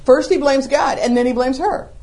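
A middle-aged woman teaching a Bible study to a small group, animated and acting out the voices of the scripture. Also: sits high, normal speed. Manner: animated, acts out the scripture voices, laughs along.

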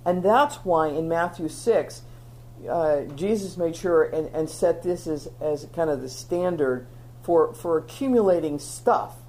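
A woman's voice: low voice, a little slow, darkish tone, slight background noise. A woman teaching a Bible lesson in an earnest, conversational sermon style, often restarting her phrases.

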